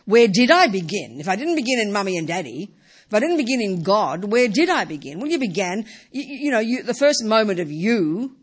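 A woman with a medium-pitched, sing-song voice that's brisk and slightly rough gives an informal dharma talk. Her Buddhist teaching is emphatic and casual, sprinkled with rhetorical tag questions and "you know" asides.

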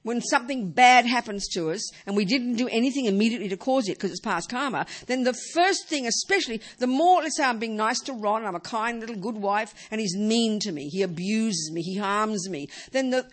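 A woman teaching Buddhism in a talk, emphatic and full of rhetorical questions. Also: fairly high pitch.

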